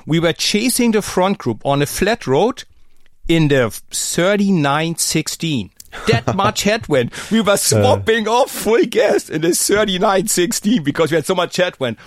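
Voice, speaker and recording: A man's voice, slightly high for a man and swinging widely in pitch as he tells road stories. He acts out the people he quotes in a casual podcast chat. The recording is dry and close, with no room sound. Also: a little slow, dry recording. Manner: animated storyteller, acts out quoted speech. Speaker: former pro cyclist guest.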